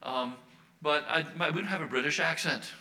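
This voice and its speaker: A man's voice: a little high, moderate pace, bright, forceful tone, low-quality recording. An older American man, a Baptist minister, preaching a sermon earnestly and repeating his key phrases for emphasis. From United States.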